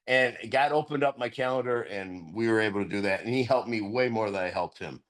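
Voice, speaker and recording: Earnest, animated man sharing in recovery. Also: fast talker. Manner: earnest and animated, laughing often, jumps sharply higher when emphatic. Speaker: recovery sponsor sharing at a meeting. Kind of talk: candid recovery-meeting share.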